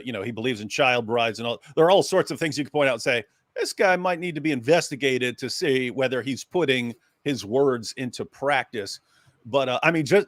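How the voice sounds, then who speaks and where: A man's voice: medium pitch, no room sound, studio quality. A man co-hosting a live discussion, sounding incredulous, laughing between points and hesitating with fillers. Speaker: live show co-host. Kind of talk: heated casual discussion.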